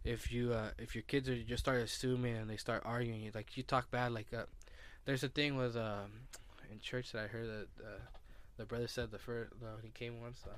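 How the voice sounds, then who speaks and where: A man's voice: medium pitch, little pitch movement, a little fast, hardly any pauses, a bit bright. A young man co-hosting a podcast in casual chat, rambling with lots of fillers and restarts. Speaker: podcast co-host.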